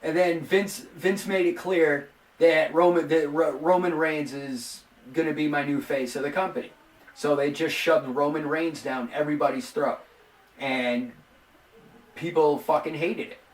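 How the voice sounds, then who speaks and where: A man's voice: a little high, fairly even intonation, a little slow. A man in his forties, hosting a casual show and rambling profanely about wrestling. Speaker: host. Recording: roomy, distant mic, faint music.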